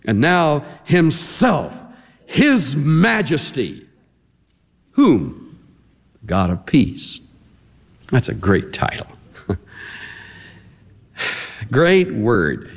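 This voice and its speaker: A man preaching a sermon in an animated, emphatic way, leaning hard on single words. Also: mid-range voice. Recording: long reverb of a large hall.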